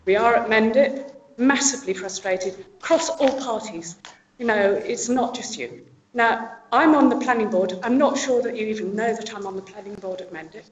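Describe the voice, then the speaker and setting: A woman councillor with a hoarse, fading voice, speaking pointedly in a council debate. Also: fairly high pitch, normal speed, a little hiss or hum. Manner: pointed, confrontational. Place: town hall council chamber. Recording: echoey hall with long reverb.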